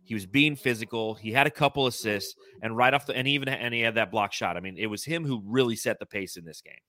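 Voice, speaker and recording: A man's voice: lowish voice, fast talker, no room sound, clean studio sound. A young man co-hosting a casual sports podcast, rattling through stats and breaking down plays in a chatty way. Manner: chatty, stat-heavy, animated breakdowns. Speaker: podcast co-host.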